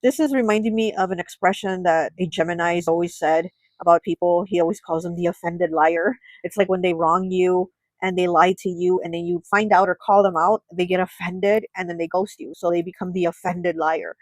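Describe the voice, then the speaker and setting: A woman giving a pick-a-card tarot reading, musing aloud with frequent surprised exclamations and often sinking to a soft murmur. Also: lowish voice, fairly even intonation, fairly quick, few pauses, no room sound, rough recording. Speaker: tarot reader.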